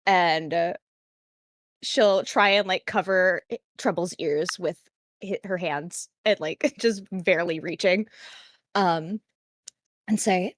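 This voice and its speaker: A woman's voice: lowish voice, slow, pauses often, no echo. A woman narrating her character's actions in a tabletop game in a chatty, loose way with lots of fillers.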